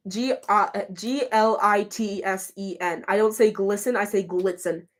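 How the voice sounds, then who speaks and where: A woman streamer chatting casually with her live chat. She answers questions on the fly, talks in a loose, chatty way and often restarts with a flustered laugh in her voice. Her voice sits at an ordinary middle pitch. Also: measured pace.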